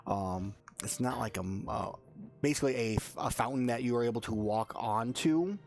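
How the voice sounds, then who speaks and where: A man's voice: medium pitch, normal speed, vocal fry. A man narrating as game master of a tabletop game in a loose, casual way with frequent fillers, over an online voice call.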